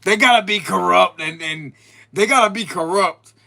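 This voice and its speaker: A man giving a casual tarot reading, animated and laughing often, repeating phrases and swearing freely. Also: high-pitched, normal speed, vocal fry. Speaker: tarot reader.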